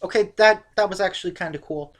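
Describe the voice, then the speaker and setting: Sarcastic lady ranting about an old movie, mid pitch, mocking and fed up. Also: fast talker. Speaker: movie reviewer. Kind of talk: casual movie review chat.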